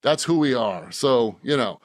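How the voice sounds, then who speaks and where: A man's voice: medium pitch, animated, a little slow, no room sound, studio quality. A man from Boston, the author guest on a casual podcast interview. He rambles, jokes, laughs often and restarts his sentences. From Boston, Massachusetts.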